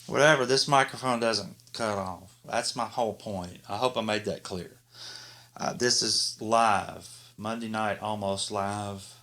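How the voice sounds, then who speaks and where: Low voiced guy hosting his own show, rambly, chuckles at his own bits. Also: unhurried, fairly bright tone. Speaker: host. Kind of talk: rambling solo show chat.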